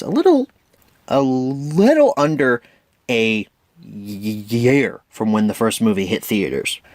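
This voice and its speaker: A man's voice: medium pitch, dry recording. A young man in his twenties hosting a casual home media review, chatty and wry, who often stumbles over his words. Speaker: host.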